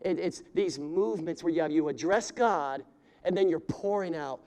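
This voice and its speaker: A pastor preaching to his congregation in a high, bright voice. He speaks to the room directly and acts out heartfelt prayers that climb into pleading cries. He then drops back to soft, earnest appeals. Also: normal speed. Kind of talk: sermon.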